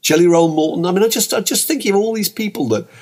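A man's voice: high-pitched, quick pace, a little mellow. An older man co-hosting a podcast, chatting in a rambling way with many asides. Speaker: podcast co-host. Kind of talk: casual chat.

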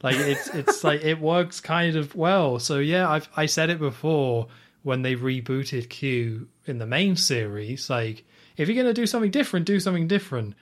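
A man co-hosting a film podcast, giving animated opinions with stammered restarts. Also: on the high side, moderate pace. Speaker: podcast co-host. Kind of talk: casual film review chat.

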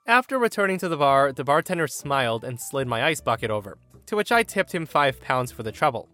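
A man reading an online story aloud in an animated, emphatic way. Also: mid-range voice, a little fast, faint music behind. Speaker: story narrator.

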